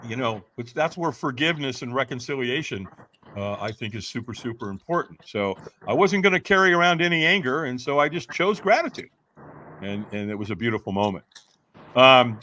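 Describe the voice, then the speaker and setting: A man in his sixties, a podcast guest telling his personal story in an animated way and acting out voices. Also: medium pitch, a little hiss or hum.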